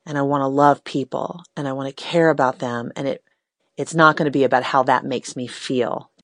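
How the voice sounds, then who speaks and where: A woman's voice: extremely low pitch, steady tone, fairly quick, a bit bright, no room sound. A middle-aged woman hosting a talk show, speaking in a heartfelt, reflective way and sounding close to tears. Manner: heartfelt, reflective, a bit emotional. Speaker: radio host. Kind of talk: casual faith-based talk.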